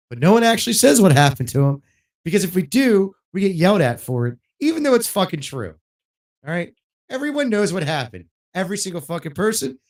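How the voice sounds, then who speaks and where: A man ranting casually and bluntly while streaming a game, swearing often and getting louder when worked up. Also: fairly high pitch. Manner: blunt and profane, rising loud when worked up. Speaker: gaming livestreamer.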